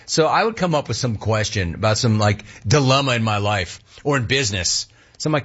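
A middle-aged man hosting a sports radio show, answering listener questions in a casual, animated way and acting out dialogue. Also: medium pitch, brisk, breathy edge, lo-fi sound. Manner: animated storyteller, acts out dialogue.

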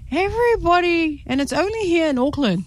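A woman's voice: extremely high pitch, expressive, fairly quick. A woman hosting breakfast radio, playful and teasing with a mock-boastful streak, speaking into a studio microphone. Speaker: radio host.

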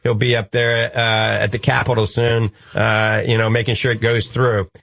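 A man's voice: lowish voice, little pitch movement, moderate pace, creaky, fairly bright tone, no room sound. Upbeat New Orleans radio host man. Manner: upbeat, preachy, joking. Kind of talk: call-in radio talk.

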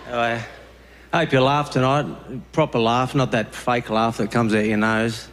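A man with an Australian accent performing a stand-up comedy routine, telling deadpan stories and acting out the voices of other people. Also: mid-range voice, normal speed. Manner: deadpan storytelling with acted-out voices.

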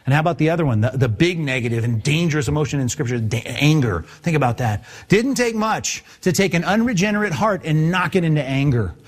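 Male pastor, conversational sermon, slightly high voice with a lively pitch, full of rhetorical questions. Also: quick pace, few pauses.

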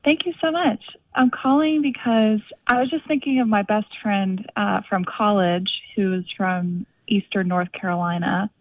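A woman's voice: medium pitch, normal speed, lo-fi sound, a little hiss or hum. A young adult woman calling in to a radio show, chatty and full of "like" fillers. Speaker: caller. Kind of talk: casual phone-in chat.

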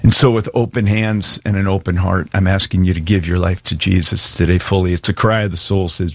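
A man preaching a sermon as pastor, earnest and pleading, slowing and speeding up for emphasis as he calls listeners to respond. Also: low-pitched, steady tone, no echo. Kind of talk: sermon with altar call.

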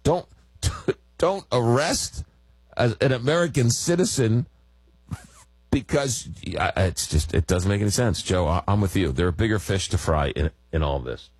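Animated radio host, husky. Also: male voice, lowish voice, measured pace, dry recording. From Long Island, New York. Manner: rambling storyteller, animated, self-deprecating. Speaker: radio talk show host. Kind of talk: late-night call-in radio chat. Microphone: studio microphone.

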